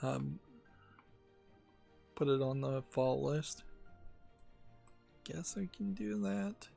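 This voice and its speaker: Gravelly guy rambling over games news, stops and restarts a lot, soft music under it. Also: a little high. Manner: rambling, halting, with many fillers and restarts. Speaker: gaming channel host. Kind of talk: casual game news commentary.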